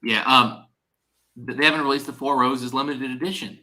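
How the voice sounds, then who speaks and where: A man's voice: medium pitch, steady tone, a little fast, pushed and bright. A man chatting casually on a live stream as its host, rambling and restarting his sentences. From Ohio, USA.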